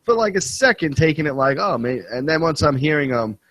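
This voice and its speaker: A man's voice: fairly high pitch, big pitch swings, a little fast, fairly bright tone, rough recording. A man co-hosting a casual talk show, telling stories and mimicking callers mockingly. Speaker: co-host. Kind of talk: casual podcast banter.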